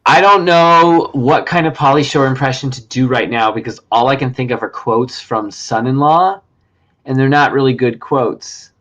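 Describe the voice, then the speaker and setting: A man's voice: medium pitch, moderate pace, fairly bright tone, muffled recording. A man hosting a loose, casual livestream. He rambles and jokes with plenty of swearing. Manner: rambling, profane, jokey. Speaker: podcast host.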